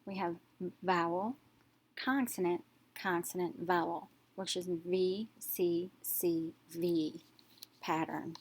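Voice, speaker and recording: Woman, reading teacher, lowish voice, clear step-by-step narration, sounds out letters. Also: fairly even intonation, slow, a little mellow, a little hiss or hum. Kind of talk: scripted narration of a reading lesson.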